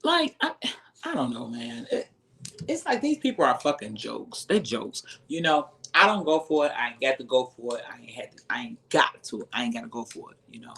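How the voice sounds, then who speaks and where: A commentator ranting about a reality show, heated and sarcastic, dropping from low mutters to sudden high exclaims. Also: sing-song, normal speed, creaky, pushed and bright, breathy edge. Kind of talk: profane commentary rant.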